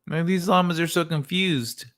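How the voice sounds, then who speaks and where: A man hosts a relaxed livestream, reacting to clips, laughing often and swearing freely. His voice is fairly high and fairly bright, at a moderate pace.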